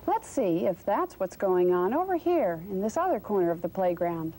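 A woman hosting a children's show, gently asking young viewers questions. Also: mid-range voice, big pitch swings, moderate pace, a little hiss or hum. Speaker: children's TV host.

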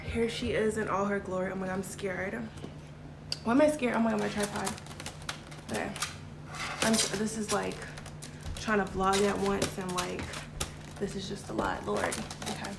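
A woman's voice: medium pitch, normal speed, creaky, pauses often, loud music behind the voice. Bubbly young woman vlogging in an echoey room. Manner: bubbly, excitable, chatty, lots of "like" and "y'all". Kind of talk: casual vlog talk to camera. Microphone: handheld vlog camera. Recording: echoey room with background noise.

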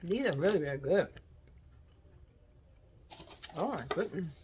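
A woman with a fairly low-pitched voice talks at a measured pace in a casual haul vlog, tasting snacks and sometimes speaking with her mouth full. She's chatty and expressive, says "y'all" frequently, and there's slight background noise.

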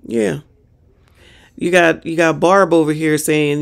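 A woman's voice: low voice, fairly even intonation, moderate pace, gravelly. A woman hosting a reaction show, ranting in a sassy, exasperated way with mild profanity. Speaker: reaction channel host. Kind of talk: reaction commentary.

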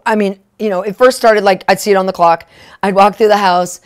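A woman preacher telling a testimony in an animated, emotional way, peppering her talk with "right?" and "like". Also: medium pitch, brisk, clean tone. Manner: fillers like "right?" and "like". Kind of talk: live-streamed testimony preaching.

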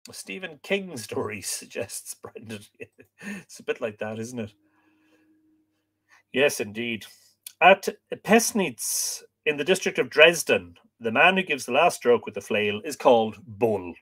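A man's voice: mid-range voice, animated, unhurried, fairly bright tone. A man hosting a live stream, reading an old book aloud and breaking off to greet viewers and joke. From Ireland.

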